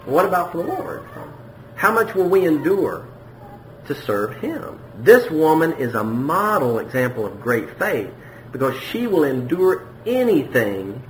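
A man preaching a sermon to his congregation in a conversational way, often repeating himself, climbing to emphatic peaks and dropping low. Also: very animated, a little slow. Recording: echoey room with faint background noise.

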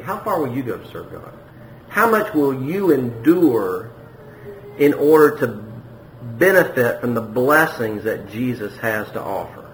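Man preaching conversationally in an echoey hall. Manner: conversational, repeats words, rises to emphatic peaks and drops low. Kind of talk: sermon. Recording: echoey room with faint background noise.

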